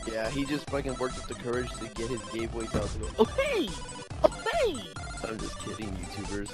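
A young man giving profane, mocking commentary while gaming on a headset, often mimicking squeaky voices. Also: fast, loud music behind the voice. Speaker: gamer. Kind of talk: casual gameplay commentary.

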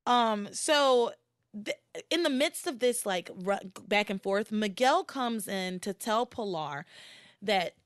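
A woman hosting a podcast in casual recap chat, animated and prone to acting out characters. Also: takes it slowly, smooth, no echo, studio quality. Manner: animated, acts out characters in high shrieks. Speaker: podcast host.

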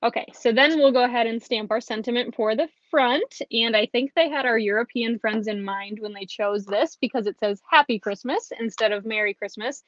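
A woman leads a live card-making tutorial from her home craft space, her voice pitched a little high. She chats easily and stops to greet viewers and answer their comments. The stream audio is dry and a bit dull. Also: moderate pace, hardly any pauses, dry recording. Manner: chatty, reads viewer comments aloud between steps. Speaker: stamping and card-making host.

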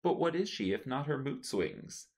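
A man's voice: medium pitch, sing-song, fast talker, voice pushed up. A man reading his own novel aloud, voicing a sardonic young prince who mocks his sister with smug quips. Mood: mocking. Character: sardonic young prince, mocking older brother. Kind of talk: audiobook narration.

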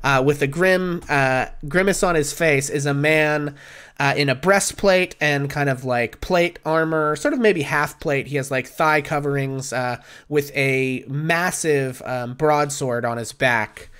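Man, game master, tabletop narration, smooth resonant voice, lots of fillers. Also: on the high side, measured pace, a bit bright. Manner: descriptive, many fillers.

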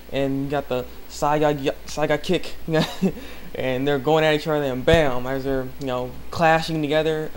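A man's voice: mid-range voice, slight background noise. A young man casually recapping an anime episode in a rambling, eager way, laughing often. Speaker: anime reviewer.

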